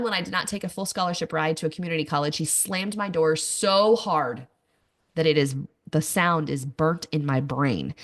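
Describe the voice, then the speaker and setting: A woman in her thirties hosts a personal podcast, talking candidly and poking fun at herself. Her voice sits fairly low but swings widely in pitch as she tells her stories. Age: 30s. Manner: candid, animated storytelling with self-mocking asides. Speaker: podcast host. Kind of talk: personal monologue.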